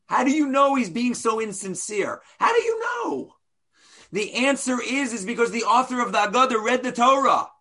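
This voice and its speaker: Brief: male rabbi leading a class, bright and husky, playful rhetorical style. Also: extremely high pitch, moderate pace. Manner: animated, rhetorical questions, playful asides. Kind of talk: teaching a class.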